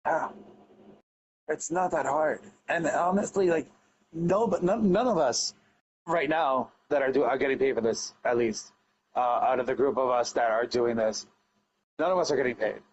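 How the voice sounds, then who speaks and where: A man's voice: mid-range voice, moderate pace, a little hiss or hum. Emphatic man ranting on a lo-fi call. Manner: earnest, emphatic, rambling with restarts. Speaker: guest, online wrestling league promoter. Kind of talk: casual podcast chat.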